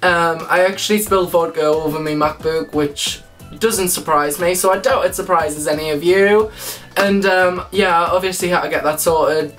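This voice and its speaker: A woman's voice: on the low side, recorded from a distance. A woman hosting her own vlog, chatting casually and playfully with a friend and laughing often. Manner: giggly, playful banter. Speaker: vlog host. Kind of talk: casual chat.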